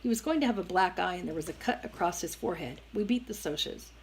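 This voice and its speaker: Low-voiced woman reading a novel aloud. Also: animated, fast talker, creaky, a little hiss or hum, low-quality recording. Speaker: reader.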